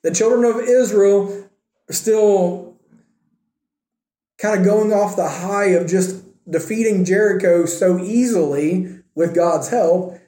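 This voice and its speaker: A man's voice: high-pitched, slow, warm tone, echoey room. A man preaching a sermon as pastor, acting out the words of quoted speakers in his own voice.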